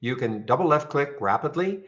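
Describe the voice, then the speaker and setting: Guy rambling thru a trading software demo, mid pitch, kinda muffled audio. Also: animated, fairly quick. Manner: rambling, frequent restarts and "okay?" check-ins. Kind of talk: casual screen-share tutorial.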